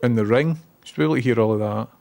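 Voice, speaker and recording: A man's voice: mid-range voice, racing, creaky, darkish tone, a little hiss or hum. A man with a Glaswegian accent streaming casually, swearing and muttering as he fixes his tech. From Scotland. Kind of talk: casual live-stream chat.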